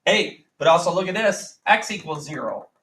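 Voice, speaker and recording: A man teaching a math lesson to a class, quizzing students with quick repeated questions. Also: high-pitched, expressive, fairly bright tone. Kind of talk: classroom lecture. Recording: echoey classroom, mic at a distance.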